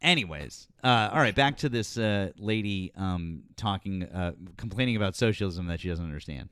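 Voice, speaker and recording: A man's voice: sits low, lively intonation, normal speed, fairly bright tone, smooth, no echo, clean studio sound. A man hosting a live political stream, talking bluntly and casually with lots of swearing and filler words. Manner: blunt, profane, rambling with fillers. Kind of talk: casual political chat with callers.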